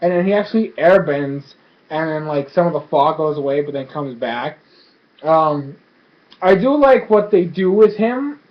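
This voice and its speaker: A man giving a casual, rambling show review, excitable and full of fillers and restarts. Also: on the high side, normal speed. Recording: dull lo-fi recording.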